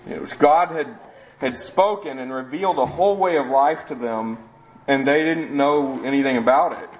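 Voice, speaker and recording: A man's voice: mid-range voice, moderate pace, slight background noise. Man teaching scripture conversationally, muffled. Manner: conversational, with frequent restarts and asides. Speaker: preacher. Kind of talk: verse-by-verse Bible teaching. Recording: dull lo-fi sound.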